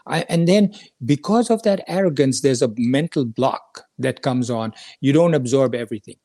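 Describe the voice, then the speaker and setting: A man teaches a scripture lesson in a conversational, earnest way, stopping to repeat his main points. His voice sits at an ordinary middle pitch. The sound is dry, with no room echo. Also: expressive, normal speed, dark tone.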